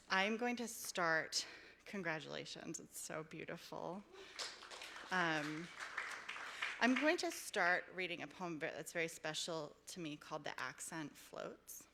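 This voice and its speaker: A woman's voice: deep voice, bright, forceful tone. A woman poet giving a live reading, effusive and self-deprecating in her hesitant chat between poems. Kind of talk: live poetry reading with chatty asides. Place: public library event room.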